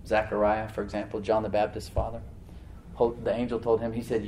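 Male pastor preaching, lively, drags out key words, faint hum of the room behind. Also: on the low side. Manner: animated preaching, slows for emphasis, acts out quoted voices and laughs. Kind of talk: sermon. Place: church.

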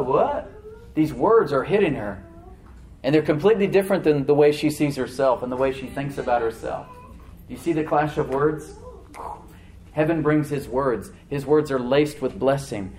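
A male pastor preaching a sermon in church, animated, slowing down to stress words and acting out the voices he quotes. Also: medium pitch, slight background noise. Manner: animated preaching, slows for emphasis, acts out quoted voices and laughs.

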